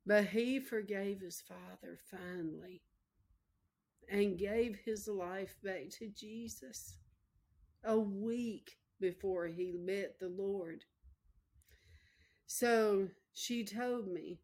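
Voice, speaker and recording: A woman's voice: on the low side, a little mellow. A middle-aged woman preaching a sermon, telling a personal testimony in an emotional, repetitive way and speaking straight to her listeners. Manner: emotional, repetitive storytelling, addresses listeners directly.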